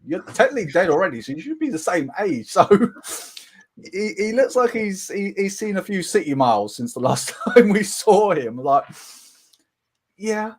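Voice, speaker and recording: A British man hosting a casual live-stream chat, animated and often laughing, breaking into quick impressions. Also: high voice. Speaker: host.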